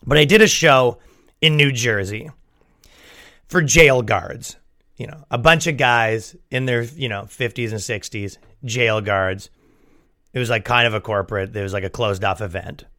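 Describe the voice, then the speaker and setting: A man hosting a comedy podcast, telling stories in an animated, exasperated rant. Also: mid-range voice, a little fast. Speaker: podcast host. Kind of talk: comedic storytelling.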